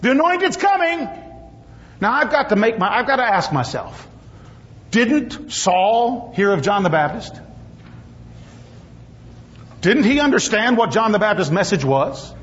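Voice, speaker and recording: A man preaching a sermon, telling stories in an animated way and rising at times to shouts. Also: sits high, a little slow, long pauses. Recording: dull lo-fi recording.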